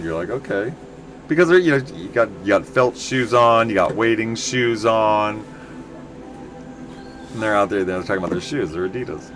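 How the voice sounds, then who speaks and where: A man's voice: fairly low pitch, a bit bright, a little hiss or hum. A middle-aged man from the United States, chatting in a rambling, casual way while streaming a game. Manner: rambling, chatty, many restarts.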